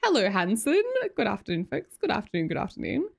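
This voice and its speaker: A woman's voice: mid-range voice, big pitch swings, fast, creaky. A young Australian woman from Sydney streaming casual chat, chatty, laughing often and trailing off mid-sentence. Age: young adult. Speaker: live streamer.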